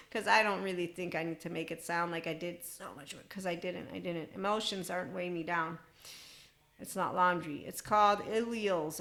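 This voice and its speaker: A woman in her forties talks through a self-help podcast on her own in a slightly low voice. She rambles from thought to thought with an irreverent, offhand manner. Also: creaky, a bit bright. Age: 40s. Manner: rambling, irreverent, laughing asides. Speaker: podcast host. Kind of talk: solo spiritual self-help monologue.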